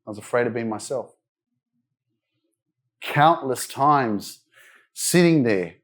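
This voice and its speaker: A man's voice: medium pitch, expressive, slow pace, pauses often, a bit bright. A man in his thirties giving a blunt, emphatic live motivational speech at a wellness centre event, swearing freely as he pushes his audience. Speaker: motivational speaker.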